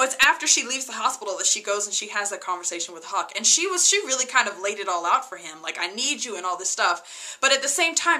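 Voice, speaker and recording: A woman's voice: a little high, bright, forceful tone. A woman giving a casual, gushing TV episode recap on her vlog, often addressing viewers as "you guys.". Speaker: TV episode reviewer.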